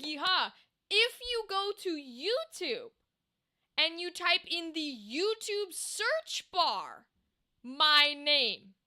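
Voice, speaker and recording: A young woman streamer ranting casually to her chat, animated, exasperated and swearing freely. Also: high-pitched.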